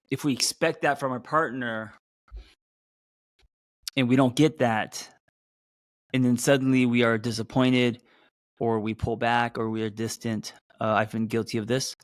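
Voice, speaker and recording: A man who hosts as a therapist, talking loosely to a live audience, with many fillers and restarts, and a voice that sometimes jumps up high. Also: steady tone, a little slow, long pauses, no room sound, clean studio sound. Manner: voice jumps up in pitch at times. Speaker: therapist and podcast host. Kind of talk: casual live-stream talk.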